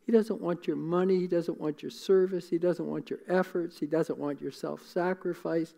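Earnest high-voiced man preaching a sermon. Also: steady tone, normal speed, creaky. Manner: earnest, emotional, repeats phrases, drops to a hush for God's words. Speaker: pastor.

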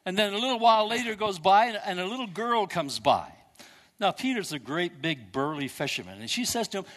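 An older man preaching a sermon, telling a story and swinging between loud and hushed delivery. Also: sits high, very animated, brisk, in a large hall.

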